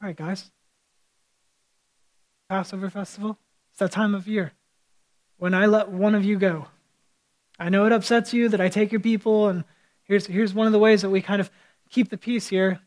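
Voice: mid-range voice, flat delivery, normal speed, pauses often, a little mellow, close to an everyday voice, low-quality recording. A preacher playing a middle-aged Roman governor in casual modern talk, coaxing the crowd and then taunting them. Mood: placating. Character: Roman governor, middle-aged man, placating yet menacing.

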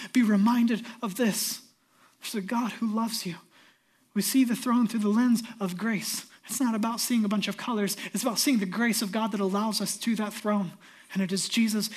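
Impassioned male pastor preaching a sermon. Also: very high voice. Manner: impassioned, builds to loud emphatic peaks then drops to hushed whispers.

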